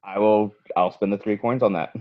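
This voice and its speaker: Low-voiced man player, muffled call. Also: steady tone, moderate pace. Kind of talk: tabletop game play over a call. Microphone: online voice call.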